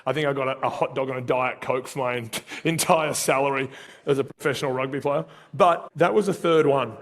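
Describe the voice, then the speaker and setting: A man with an Australian accent, giving an energetic, conversational motivational talk to a live audience and telling stories with asides to the crowd. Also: medium pitch, brisk. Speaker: speaker at a live career event. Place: event venue, live audience. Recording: reverberant event hall.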